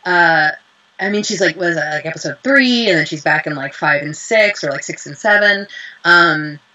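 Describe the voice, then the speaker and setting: A young woman, a voice actress, chatting in an interview and telling lively stories with acted-out quotes. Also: low-pitched, moderate pace, dull audio. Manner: animated storyteller, acts out quotes. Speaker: voice actress guest. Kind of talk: casual interview chat.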